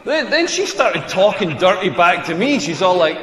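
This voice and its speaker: High-voiced Scottish man doing stand-up. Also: very animated, normal speed, a bit bright. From rural Scotland. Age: 40s. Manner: brash, crude, mocking delivery. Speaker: stand-up comedian. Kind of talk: stand-up comedy set. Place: comedy club stage. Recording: roomy club with long reverb.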